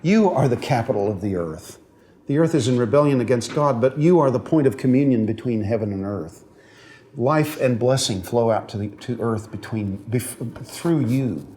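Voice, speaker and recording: A man's voice: medium pitch, animated, moderate pace, mellow. Earnest male seminary professor lecturing. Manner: checks understanding with the class often; earnest, grows emotional on moving points. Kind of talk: classroom lecture. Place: classroom.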